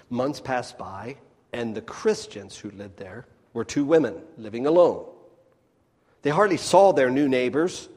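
A man preaching a sermon in a folksy way, swinging between loud emphatic bursts and hushed near-whispers. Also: medium pitch. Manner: folksy, addresses the crowd as folks. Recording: long hall reverb.

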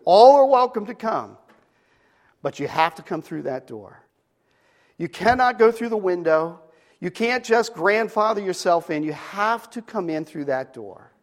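Preacher, male, fairly high voice, earnest and emphatic sermon delivery with stories.

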